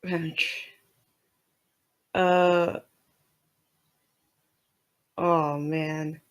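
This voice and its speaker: A tabletop role-playing player talks casually and at an unhurried pace. They keep asking questions about what is going on in the game. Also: mid-range voice, little pitch movement, clean tone. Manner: unhurried, questioning, laughing easily.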